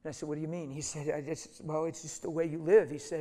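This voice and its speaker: A middle-aged man preaching a sermon through stories, dropping to hushed tones and then rising to loud, emphatic lines. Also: on the high side, little pitch movement, fast, hardly any pauses. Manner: storytelling, swings from soft and hushed to loud and emphatic. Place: church hall. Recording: reverberant hall.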